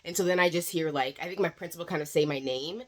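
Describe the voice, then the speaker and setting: A young woman teacher telling a story in a casual vlog, chatty and animated, full of fillers. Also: lowish voice, quick pace. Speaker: English teacher in Korea.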